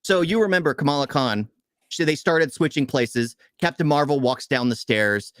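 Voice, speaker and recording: A man's voice: on the high side, normal speed, fairly bright tone, no room sound. A man co-hosting a casual movie review, ranting in frustration with rhetorical questions.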